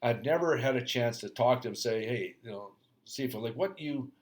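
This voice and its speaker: A man's voice: mid-range voice, lively intonation, moderate pace. A middle-aged man and hockey coach, talking through a casual reflective rant, rambling with many restarts.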